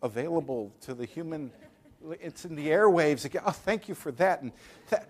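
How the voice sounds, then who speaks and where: Emphatic male preacher, slightly high voice. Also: lively intonation, normal speed, slightly rough. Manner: emphatic, rhetorical questions, mocking voices in quotes. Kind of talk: sermon.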